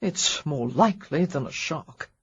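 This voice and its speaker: A gentle young gentleman of a period romance, speaking low and soft with a husky grain and an unhurried pace, as a woman narrator takes him on. Dry humor sits under his tenderness, in a dull audiobook sound. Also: expressive, heavily acted. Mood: wry.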